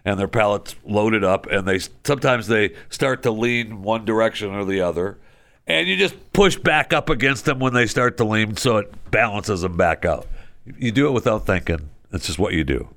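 A man's voice: fairly low pitch, lively intonation, normal speed, fairly bright tone, no room sound. A man hosting a talk show, delivering a casual monologue with chatty, opinionated asides and wry humor. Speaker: radio show host.

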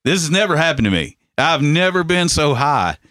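A man telling a long story in casual chat, animated, laughing often and swearing, with many restarts. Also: on the high side, moderate pace, no echo, studio quality. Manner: animated, laughing, profane, repeats himself. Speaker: podcast host telling a story.

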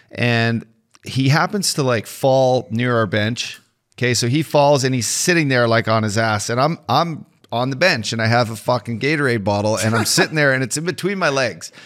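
A man's voice: medium pitch, animated, normal speed, fairly bright tone. A man hosting a podcast, telling a profane story with lots of laughter. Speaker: podcast host. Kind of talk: casual chat.

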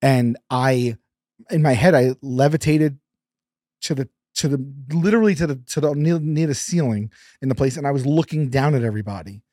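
A man telling a story as a podcast guest, animated, acting out his quotes and sometimes dropping to a whisper. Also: mid-range voice, normal speed, no room sound, studio quality. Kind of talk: casual storytelling.

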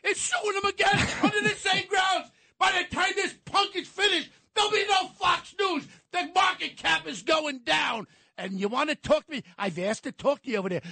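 An older man, hosting talk radio and ranting loudly with shouted insults. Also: very high-pitched, vocal fry. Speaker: radio host.

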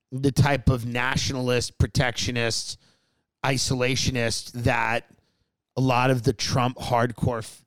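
A man's voice: medium pitch, no echo, poor audio. A man co-hosting a podcast, talking in a rambling, joking, opinionated way. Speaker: podcast co-host. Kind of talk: casual joking chat.

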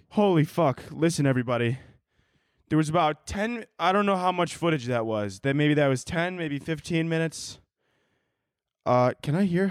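A man's voice: medium pitch, animated, a little fast, dry recording, clean studio sound. Rambling, self-mocking young man podcaster. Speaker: podcast host. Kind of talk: solo comedic podcast rant. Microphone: handheld microphone.

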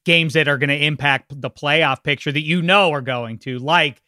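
A man with a bright, crisp voice hosts a casual sports chat. He is wry and a little rambling. The sound is dry and close. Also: a little high, normal speed, dry recording. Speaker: podcast host.

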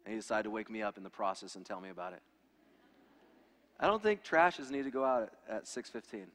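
A man's voice: lowish voice, a little fast, fairly bright tone. A pastor in his thirties preaching an earnest, emphatic sermon with lots of repetition. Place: church sanctuary. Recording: reverberant hall.

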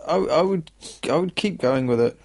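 A man co-hosts a casual comedy podcast with a fairly high, animated voice. He mostly chimes in with short agreeing replies and adds playful, deadpan asides. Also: moderate pace. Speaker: podcast co-host.

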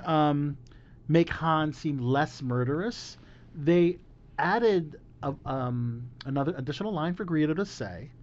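A man's voice: on the high side, a little mellow. Rambling male podcast host, lo-fi. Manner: rambling, many fillers, laughs often. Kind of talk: casual chat. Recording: dull lo-fi recording.

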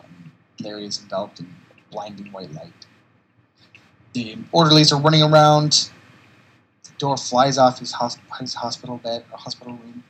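A man hosting a podcast retells a comic in a casual, animated way. His voice sits at an ordinary male pitch, with a faint hiss behind it. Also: moderate pace, rough recording. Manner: animated storyteller, acting out quotes. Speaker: podcast host.

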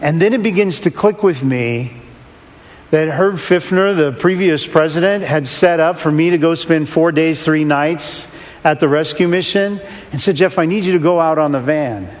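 A man's voice: fairly high pitch, moderate pace. A man who runs a rescue mission, telling a humorous, self-mocking story to an audience. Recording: long hall reverb.

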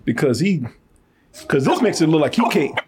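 A man in casual, profane chat about a movie, animated and laughing often. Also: a little high, normal speed, noisy background. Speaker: podcast co-host reviewing a film.

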